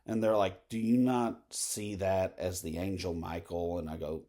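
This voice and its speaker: A man's voice: sits low, little pitch movement, measured pace, few pauses, mellow. A man talking straight to camera in a meandering monologue, full of fillers and asides. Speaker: vlogger. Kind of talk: rambling monologue.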